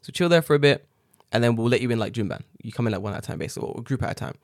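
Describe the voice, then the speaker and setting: A man from England chatting casually, telling animated stories full of swearing. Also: medium pitch, rapid-fire, no room sound, clean studio sound. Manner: swearing, animated storytelling with laughs. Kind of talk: casual chat. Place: living in Japan.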